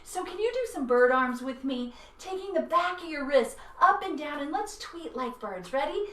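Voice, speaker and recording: Very high-voiced playful kids' yoga teacher. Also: female voice, moderate pace, few pauses, far from the mic. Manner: animated and playful, with sound effects; sing-song cheerful coaching. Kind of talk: leading a kids' yoga class. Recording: echoey room, away from mic, faint music.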